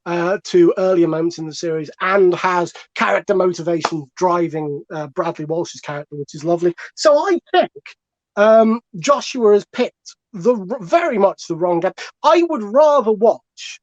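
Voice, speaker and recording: A man's voice: sits high, animated, normal speed, no echo. A man, a comedian on a comic podcast, arguing his case in a rambling, digressive way with plenty of swearing. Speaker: comedian panelist. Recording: dull lo-fi dry sound.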